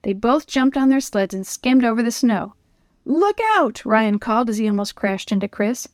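A woman narrating a children's story in a gentle, clear reading voice. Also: a little high, steady tone, moderate pace, no room sound, clean studio sound.

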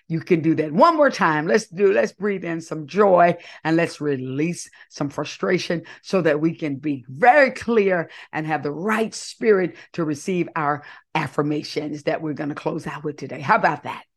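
A woman's voice: sits low, expressive, unhurried. A woman hosting an inspirational faith talk, coaxing listeners to repeat affirmations after her in call-and-response. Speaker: podcast host.

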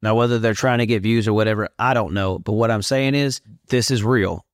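Blunt, low-voiced man hosting a podcast. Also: steady tone, brisk, no echo, studio quality. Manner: blunt, preachy. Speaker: podcast host. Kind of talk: reaction podcast commentary.

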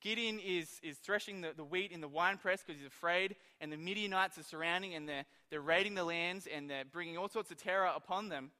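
Bright-voiced man preaching in a hall. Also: sits high, fairly quick, few pauses. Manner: animated storytelling, acting out quoted lines. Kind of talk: sermon.

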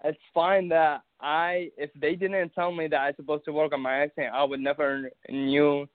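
Halting man on a tinny line. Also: fairly high pitch, flat delivery, dry recording. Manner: halting, many restarts and fillers. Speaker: guest recounting an event. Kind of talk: casual conversation.

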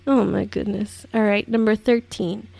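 Woman, gravelly voice, mellow tone, dry close sound, incredulous countdown host. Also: mid-range voice, fairly even intonation, normal speed, no echo. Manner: incredulous, swearing asides. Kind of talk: reading a list with commentary.

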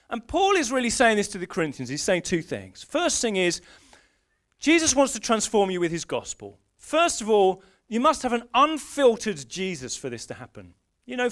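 A man preaching a sermon in a lively, conversational way, often restarting his phrases. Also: very high-pitched.

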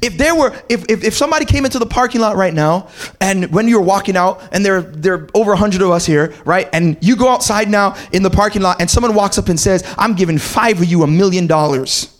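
A man preaching a sermon as pastor, calling on the congregation to repeat phrases and rising into shouted, sing-song peaks. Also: sits high, a little fast. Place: church hall with a congregation.

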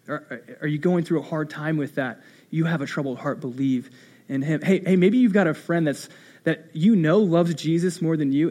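Animated high-voiced man preaching a sermon. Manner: conversational preaching with self-deprecating humor; animated storytelling, repeating phrases. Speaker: pastor.

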